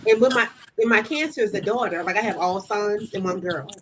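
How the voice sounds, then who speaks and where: A woman's voice: medium pitch, brisk, a bit bright. Host: middle-aged woman, blunt and no-nonsense, chatting over a noisy background. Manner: blunt, matter-of-fact. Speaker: podcast host. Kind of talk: casual chat.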